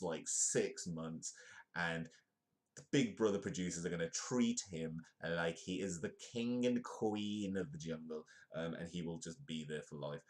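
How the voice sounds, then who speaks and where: A man hosting a casual livestream, rambling with jokey asides as he comments. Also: deep voice. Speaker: livestream host.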